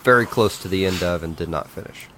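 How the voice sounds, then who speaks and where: Lower-voiced male panelist, easygoing and a bit halting, with faint noise behind him. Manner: relaxed, hesitant, thinking aloud. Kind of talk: casual game discussion.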